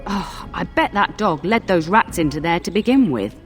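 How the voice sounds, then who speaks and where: A woman voicing a cranky older castle cook in a fan dub, scolding and sharp-tongued. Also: fairly low pitch, animated, normal speed, faint music behind, natural voice. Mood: grumbling. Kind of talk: fan voice acting over a game.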